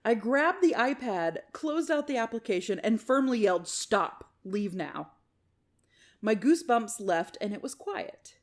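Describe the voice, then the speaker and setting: Woman podcast co-host reading a listener story, animated delivery with a bright, higher voice that swings widely. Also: moderate pace, few pauses. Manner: animated storytelling, swears casually, laughs often. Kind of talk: reading a listener story aloud with casual chat.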